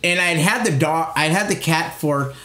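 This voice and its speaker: A man's voice: on the high side, moderate pace, reverberant, over a noisy crowd. A middle-aged man co-hosting a podcast, telling a long rambling story in casual chat with lots of restarts and swearing. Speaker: podcast co-host.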